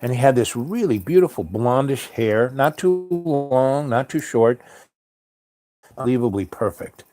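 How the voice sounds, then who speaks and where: A man's voice: mid-range voice, expressive, measured pace, mellow, faint music behind. A middle-aged man telling a long personal story in a rambling, conversational way, full of ums and you-knows. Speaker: storyteller host. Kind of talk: rambling spoken-word storytelling.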